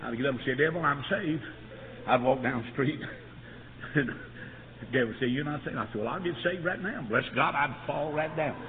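A middle-aged man with a North Carolina accent preaching a fiery revival sermon, telling folksy stories and breaking into shouts and whoops. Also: mid-range voice, normal speed. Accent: Southern US, North Carolina. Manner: shouts and whoops, swings from quiet storytelling to loud preaching. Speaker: Baptist preacher. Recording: tinny lo-fi echoey hall recording, faint hiss.

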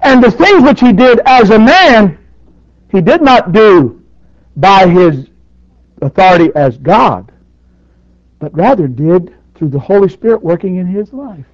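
A man preaching a sermon, surging loud on his points and dropping to near quiet, with dynamic swings in force. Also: high-pitched, lively intonation, unhurried, pauses often, no room sound. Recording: dull dry lo-fi recording.

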